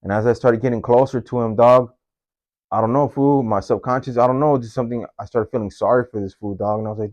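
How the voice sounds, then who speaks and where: A man's voice: mid-range voice, steady tone, fast talker, darkish tone, dull audio. A man, casually telling a personal story in street slang, tagging his phrases with homie, dog and fool.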